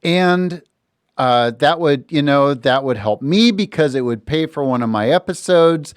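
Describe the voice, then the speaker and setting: Smooth-voiced man hosting a podcast. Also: fairly high pitch, unhurried, no room sound, clean studio sound. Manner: animated, slips into voices when quoting others. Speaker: podcast host. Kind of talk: casual storytelling monologue. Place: recording studio.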